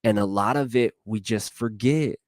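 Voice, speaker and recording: A man's voice: on the low side, normal speed, a little mellow, no echo, clean studio sound. A man giving a casual motivational talk as host, earnest and repetitive, full of rhetorical questions, speaking straight to his listeners in a folksy way. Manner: addresses listeners directly and folksily.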